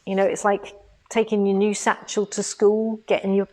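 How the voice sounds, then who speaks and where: A woman's voice: mid-range voice, flat delivery, moderate pace, warm tone. A woman hosting a casual live stream from an indoor showroom, chatty and bubbly, laughing often. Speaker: host.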